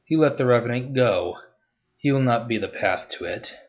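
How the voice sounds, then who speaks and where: A man voicing a calm, mysterious masked nobleman who speaks in a formal, measured way. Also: medium pitch, lo-fi sound, close to an everyday voice. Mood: cool, persuasive.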